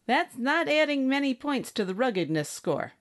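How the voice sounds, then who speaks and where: A woman's voice: high-pitched, big pitch swings, moderate pace. A woman voicing a brash, snappish spacefaring bosun. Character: tough, blunt young woman ship's bosun. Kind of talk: audiobook character acting.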